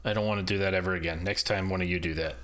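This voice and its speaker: A man with a low, bright and forceful voice joking around as a player at a tabletop game. He talks in a casual, animated way. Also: racing.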